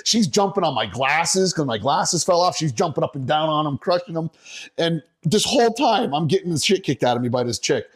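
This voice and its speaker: A middle-aged man from Northeastern Pennsylvania, a bassist guest on a podcast, telling a rowdy story in a casual, profane way and often breaking into laughter. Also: lively intonation, brisk, slightly rough.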